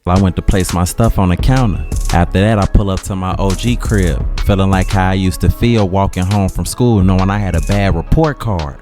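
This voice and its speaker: A man with a Chicago accent narrating a dramatic story in a slangy, casual way with dramatic pauses. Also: deep voice, warm tone, faint music behind.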